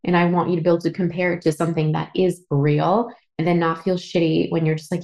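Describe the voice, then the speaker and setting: A woman's voice: lowish voice, little pitch movement, fast talker, vocal fry, darkish tone. A woman hosting a solo podcast, talking candidly and emotionally, swearing casually, a little teary. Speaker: podcast host. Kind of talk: personal solo podcast monologue.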